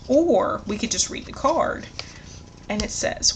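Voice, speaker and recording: A woman tutor explaining a literacy lesson in an encouraging way, asking leading questions and modeling words slowly. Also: mid-range voice, a little hiss or hum. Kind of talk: instructional tutorial.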